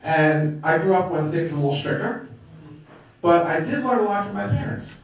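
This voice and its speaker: A man's voice: fairly high pitch, animated, normal speed. A middle-aged man doing a wisecracking stand-up set, working the crowd. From Brooklyn, New York. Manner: brash, wisecracking, crowd work. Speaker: stand-up comedian. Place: comedy club stage. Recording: echoey club from far off.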